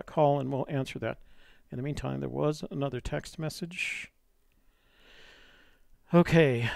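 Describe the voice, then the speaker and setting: Gravelly man hosting a call-in show. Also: mid-range voice, no room sound, clean studio sound. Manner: chatty, rambling with fillers. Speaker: host. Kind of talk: live-stream call-in show.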